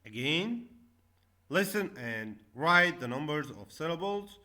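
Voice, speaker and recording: A man teaching a classroom English lesson, repeating each word and stressing the syllables loudly. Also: on the high side, lively intonation, slow.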